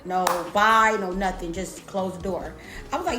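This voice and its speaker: Pushed and bright, this young woman's medium-pitched voice moves at normal speed as she delivers a slangy, profane storytime to her viewers, frequently repeating herself. She's a storytime vlogger, recorded with a roomy echo and faint music.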